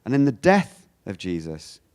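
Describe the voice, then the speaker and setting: Lively low-voiced man lecturing. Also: normal speed. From United Kingdom. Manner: conversational, animated, repeats words, many "you know"s. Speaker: guest lecturer. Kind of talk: theology lecture.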